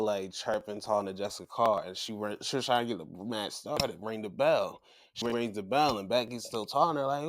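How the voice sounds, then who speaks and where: Hosting a casual wrestling recap show, a man with a somewhat low voice acts out people's quotes in an animated, talkative way. Studio-quality audio, recorded dry.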